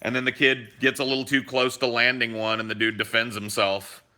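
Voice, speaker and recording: A young man on a podcast, telling a story in casual, animated chat, swearing freely and acting out what people said. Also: medium pitch, brisk. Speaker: podcast co-host.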